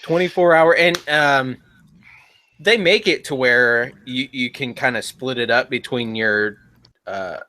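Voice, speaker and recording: A man in casual chat, relaxed and profane. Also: medium pitch, unhurried.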